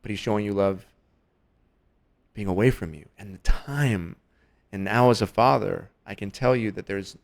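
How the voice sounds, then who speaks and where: A man and father, a podcast guest, speaking reflectively and gently emphatic in casual chat. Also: lowish voice, normal speed, creaky.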